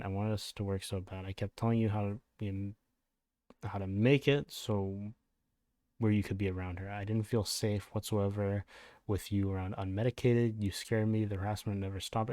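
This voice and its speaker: Male commentary YouTuber, lowish voice, dry close sound, reads text aloud and cuts in with blunt swearing asides. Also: dark tone, dry recording. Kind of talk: reading a written statement aloud with reactions.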